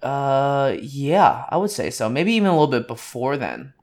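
A man's voice: medium pitch, sing-song, moderate pace, darkish tone. A man in his thirties, co-hosting a podcast in casual chat, rambling with many ums and restarts. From United States. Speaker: podcast co-host.

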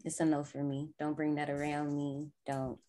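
A woman's voice: sits low, completely flat delivery, moderate pace, mellow. A woman co-hosting a casual podcast, making wry jokes and swearing casually. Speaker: podcast co-host. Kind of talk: casual chat.

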